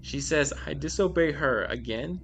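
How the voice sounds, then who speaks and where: A man hosting a podcast, chatting casually and reading short horror stories in a slow, dramatic way. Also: on the high side, expressive, gravelly, fairly bright tone, a little hiss or hum. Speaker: podcast host.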